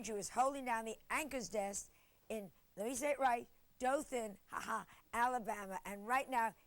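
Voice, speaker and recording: A woman's voice: a little high, fairly bright tone, no room sound. An older woman over sixty hosting a TV show, reading a scripted introduction with brassy, wisecracking asides. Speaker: show host.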